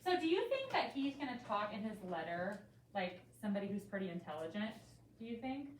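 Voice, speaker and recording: A woman's voice: mid-range voice, a little fast, recorded from a distance, slight background noise. A young woman teaching a third grade reading lesson, quizzing pupils in an encouraging way, recorded from across the classroom. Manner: lively, encouraging questioning of pupils. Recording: echoey classroom from afar. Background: faint classroom ambience.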